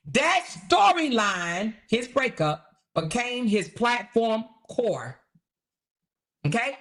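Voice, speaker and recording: A woman's voice: fairly high pitch, a bit bright. A woman hosting a commentary livestream, talking in a blunt, sarcastic, profane way. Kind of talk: casual commentary.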